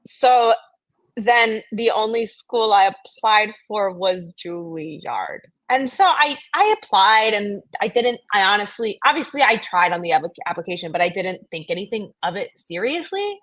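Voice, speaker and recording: A young woman from New Jersey, a playwright, telling a story in an interview in a chatty, animated way. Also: medium pitch, normal speed, no room sound. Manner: animated, chatty, many fillers and laughs. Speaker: playwright guest.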